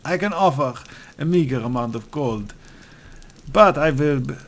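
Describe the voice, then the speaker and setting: A man doing a grave, gravelly high priest. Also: lively intonation, normal speed, close to an everyday voice. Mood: apologetic. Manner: solemn, formal. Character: grave, proud older male high priest.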